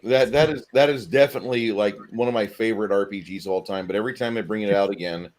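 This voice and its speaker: A man in casual chat, talking enthusiastically with halting pauses. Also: fairly low pitch, darkish tone.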